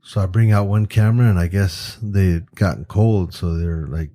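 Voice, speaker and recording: A man's voice: low voice, moderate pace. A man guesting on a podcast, telling a story in casual talk, swearing freely and filling with "you know" and "like.". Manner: profane, animated, acts out quoted voices; frequent fillers like "you know" and "like".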